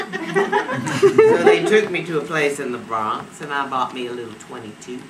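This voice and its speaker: An actress playing a streetwise young woman in a stage monologue, animated and laughing as she acts out the people in her story. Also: sits low, measured pace, distant mic, a loud crowd. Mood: amused, lively. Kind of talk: stage monologue based on an interview. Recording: echoey stage recorded from afar, steady noise.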